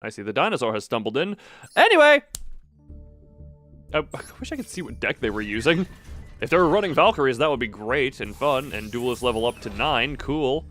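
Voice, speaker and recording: A man's voice: mid-range voice, lively intonation, fairly quick, fairly bright tone, soft background music. A man streaming a card game live, chatting with viewers in a wry, theatrical way. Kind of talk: live gameplay stream chat.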